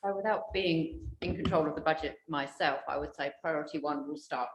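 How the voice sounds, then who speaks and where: A woman council officer giving measured advice at a hearing, recorded in an echoey room. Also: deep voice, background noise. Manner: measured, explanatory.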